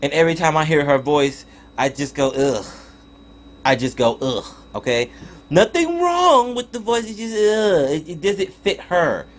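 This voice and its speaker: A man's voice: on the high side, expressive, normal speed. A young man giving a casual spoken review of a cartoon episode, swearing and ranting in exasperation with frequent restarts. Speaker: TV show reviewer.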